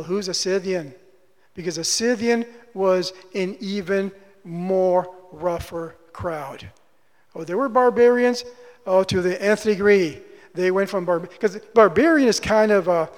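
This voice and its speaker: A male preacher giving a sermon, teaching through rhetorical questions and repeating his key phrases. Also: high voice. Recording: long hall reverb.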